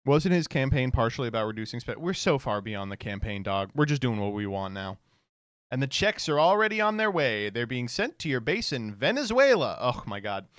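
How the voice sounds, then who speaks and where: A man's voice: medium pitch, very animated, brisk, fairly bright tone, clean tone, no room sound, clean studio sound. A man streamer giving casual reaction commentary, sardonic and profane, laughing often.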